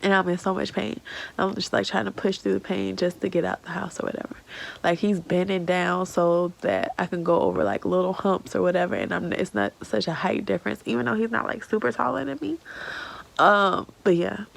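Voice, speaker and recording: A woman's voice: lowish voice, brisk, creaky, low-quality recording. A woman in her thirties telling a personal story in a casual vlog, tearful and rambling with many fillers. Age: 30s. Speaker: vlogger.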